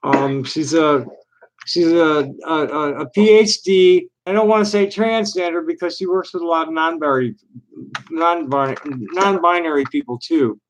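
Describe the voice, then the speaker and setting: A man with a slightly high voice hosts a casual stream. He talks in a halting, rambling way, stalling on repeated words before he goes on. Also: a little hiss or hum, poor audio. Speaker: livestream host and busker.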